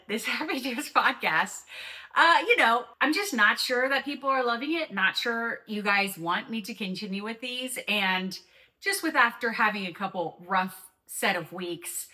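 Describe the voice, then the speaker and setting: Chatty lady ranting on her comedy podcast, kinda high, super bright tone. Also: moderate pace. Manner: chatty, sarcastic, animated oversharing. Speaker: podcast host.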